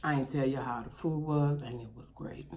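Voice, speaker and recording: A woman's voice: very deep voice, steady tone, a little fast, mellow, a little hiss or hum. A woman, hosting a mukbang eating video and chatting casually while she chews. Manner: chatty, talks while chewing. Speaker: mukbang host.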